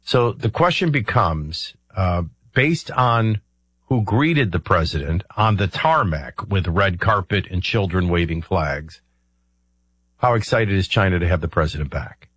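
A middle-aged male talk radio host with a low, husky voice, recorded close and dry. He rambles through his points conversationally, leaning on ums and uhs as he explains. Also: expressive, measured pace, a bit bright, no room sound. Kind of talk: conversational political commentary.

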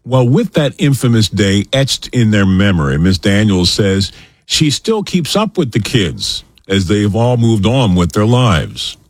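A man anchoring a radio news segment in a measured newsreader delivery. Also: fairly low pitch, big pitch swings, no echo.

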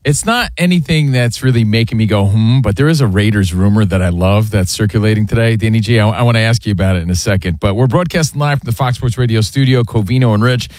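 A man's voice: fairly low pitch, quick pace, hardly any pauses, a little mellow, no room sound. A man with a New Jersey accent co-hosting a sports radio show, trading brash, slangy banter in a studio. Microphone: studio mic.

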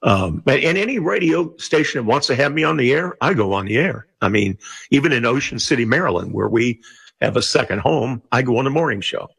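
A man's voice: medium pitch, animated, fairly quick, creaky, a bit bright, slightly rough. An older man who is a guest on a radio talk show, speaking in a plainspoken, earnest way and repeating points for emphasis. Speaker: radio guest, former network radio executive. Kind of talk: casual radio interview.

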